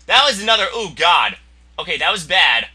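Young male gamer, high bright voice, lively swings; crude, excitable play-by-play commentary. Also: moderate pace, slightly rough. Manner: excitable, crude, yelling at opponents. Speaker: gameplay commentator. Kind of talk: profane live gameplay commentary.

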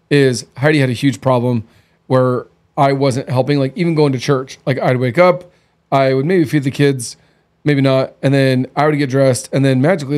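This thirty-something podcast host has a medium-pitched, slightly mellow voice. His casual conversation is full of candid, blunt stories, complete with quoted dialogue.

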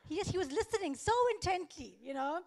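A young woman doing a stand-up comedy set, telling a story in a deadpan, faux-naive way with little laughs. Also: very high-pitched, quick pace.

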